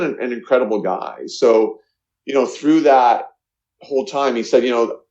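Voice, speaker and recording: Man, middle-aged, from Canada, earnest storytelling, halting with fillers, low voice, dull lo-fi sound. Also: a little mellow. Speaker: guest, charity founder. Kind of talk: emotional storytelling in a podcast interview. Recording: echoey, muffled lo-fi sound.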